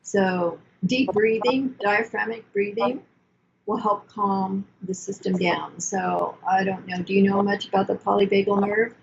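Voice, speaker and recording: Older woman therapist with gravelly voice. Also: medium pitch, fairly even intonation, unhurried. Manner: earnest, coaching, self-soothing asides. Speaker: therapist guest. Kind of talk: explanatory podcast talk. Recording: dull lo-fi sound with faint noise.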